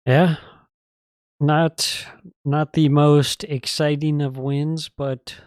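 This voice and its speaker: A man co-hosting a podcast, casually recapping football matches with relaxed fillers. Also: fairly high pitch, very slow, no room sound, studio quality. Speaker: podcast co-host.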